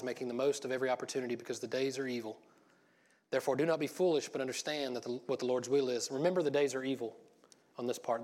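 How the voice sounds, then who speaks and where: A man's voice: medium pitch, darkish tone. Folksy man preaching casually. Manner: folksy, rambling, joking asides with the congregation. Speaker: lay preacher. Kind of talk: informal church sermon.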